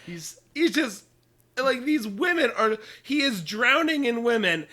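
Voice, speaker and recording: A young man co-hosting a casual anime review chat, animated and laughing often. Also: very high-pitched, a little slow. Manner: animated, laughs often, acts out characters in exaggerated voices. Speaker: podcast co-host.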